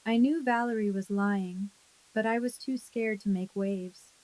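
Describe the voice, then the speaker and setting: Woman reading as a rueful gentle aunt. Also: mid-range voice, fairly even intonation, unhurried, close to an everyday voice, low-quality recording. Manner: soft, rueful. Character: regretful middle-aged aunt, gentle.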